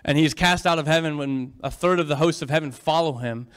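A man's voice: on the high side, a little fast, a bit bright. A man preaching a sermon, retelling scripture dramatically and questioning his congregation.

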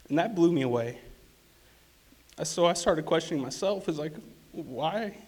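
A man shares his personal testimony in church, earnest and a little halting as he restarts his sentences. His voice sits somewhat high for a man. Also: very animated, a little mellow. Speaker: church member giving testimony.

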